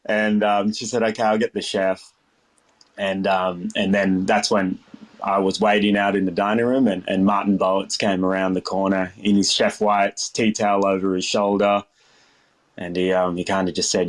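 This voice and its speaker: A man's voice: fairly low pitch, normal speed. A man in his thirties with an Australian accent, telling his story as a guest chef in a casual, rambling way, with many fillers and restarts, his voice jumping up when he acts out his younger self.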